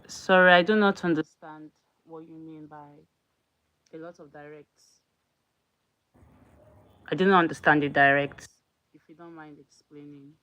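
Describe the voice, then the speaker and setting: A woman's voice: low-pitched, steady tone, a little slow, long pauses, a bit bright, muffled recording. A woman hosting her own live stream in casual chat, often thanking and greeting viewers as they join.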